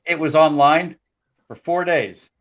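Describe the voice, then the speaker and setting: Brief: male stream host, jokey and chatty, a little high-voiced. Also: a little slow. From United States. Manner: jokey, laughs at his own lines. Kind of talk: casual chat on a live stream.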